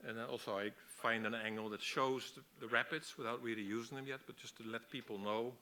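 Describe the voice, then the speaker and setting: A man teaching a masterclass on storyboarding, explaining in a relaxed way with frequent restarts. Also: medium pitch, a little fast. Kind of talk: lecture on storyboarding.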